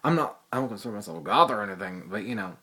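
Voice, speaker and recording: A teen boy who vlogs and attends high school races through an exasperated, profane story in a casual rant, recounting it in a lively way. His voice is fairly low in pitch.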